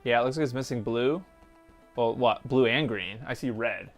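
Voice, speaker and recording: A man talking his way through a soldering job on a live stream. He mutters and thinks aloud in a quiet, offhand voice, half to himself and half to the chat. Now and then he drops a dry, jokey aside. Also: mid-range voice, moderate pace, faint music behind. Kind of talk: casual live-stream commentary while soldering.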